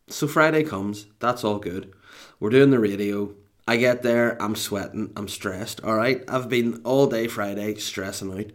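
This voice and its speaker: Middle-aged man, North Down accent; animated, self-mocking comic storyteller with a salty mouth. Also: on the low side. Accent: Northern Irish, North Down. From Northern Ireland. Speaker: podcast co-host.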